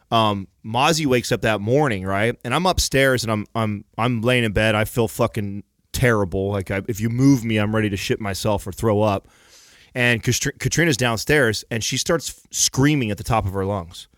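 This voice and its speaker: A man's voice: medium pitch, no echo, clean studio sound. A man telling a long story in casual chat, rambling and swearing freely as he goes.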